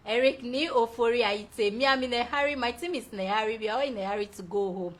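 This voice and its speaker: A young woman with a fairly high voice and a quick pace hosts a show. She chats effusively and laughs a lot while reading viewer messages aloud in a casual live-show setting.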